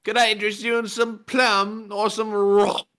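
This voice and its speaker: A squeaky little marmot , as a man puts it on, hawks rocks in a wheedling salesman tone. The pitch jumps far above his normal voice, and the delivery is bright and pushy. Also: little pitch movement, moderate pace, smooth.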